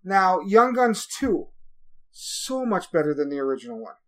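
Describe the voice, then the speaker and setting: A man's voice: high-pitched, sing-song, moderate pace, fairly bright tone. A man hosting a podcast in a casual, rambling way, telling stories with lots of fillers. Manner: rambling, chatty storytelling with frequent fillers. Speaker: podcast host.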